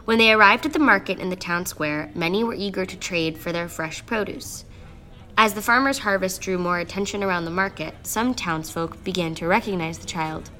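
A woman telling a dark fable as a storyteller, in measured, steady scripted narration. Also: on the low side, slight background noise. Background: music.

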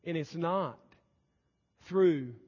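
A male pastor preaching a sermon emphatically, his volume swinging between loud and soft. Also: fairly high pitch, very slow, slightly rough. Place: church sanctuary. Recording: dull lo-fi church recording with long reverb.

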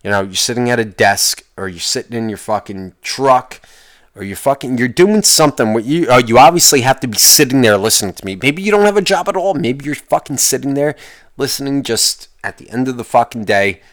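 A man hosting his own podcast alone, ranting in a profane, exasperated way, his voice jumping higher when he gets worked up. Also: expressive, brisk, a bit bright. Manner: pitch jumps up when worked up. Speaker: podcast host. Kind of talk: casual solo podcast rant.

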